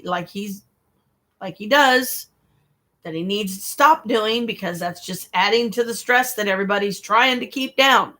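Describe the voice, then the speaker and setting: A woman in an unscripted livestream, talking straight to one viewer. She rambles and vents, blunt and exasperated, with plenty of swearing. Her voice sits at an ordinary middle pitch. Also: moderate pace, pushed and bright. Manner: speaks to one viewer directly. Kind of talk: casual livestream monologue.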